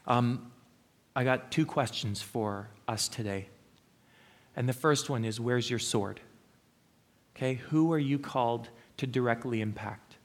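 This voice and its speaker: A middle-aged man preaching a sermon, telling stories in an earnest way with frequent "um" and "uh" fillers. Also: mid-range voice.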